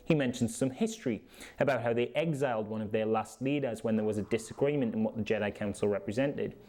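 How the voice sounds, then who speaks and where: A man narrating a story in a casual, animated way and acting out the scenes. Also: on the low side, fast. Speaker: YouTube creator.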